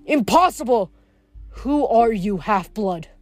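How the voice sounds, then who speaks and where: A woman reading aloud, voicing a cruel male storm spirit villain who hisses and shouts threats. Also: a little high, animated, takes it slowly, soft background music. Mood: menacing.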